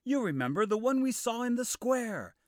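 A man's voice: a little high, very animated, unhurried, dry recording, studio quality, pitched above the performer's own voice. A man voicing Kay, a proud, hot-tempered young knight in a storybook reading, with a bossy, impatient manner. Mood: excited.

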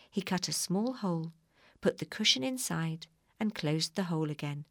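Woman narrator, calm storybook reading; dry close sound. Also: fairly low pitch, normal speed, no echo.

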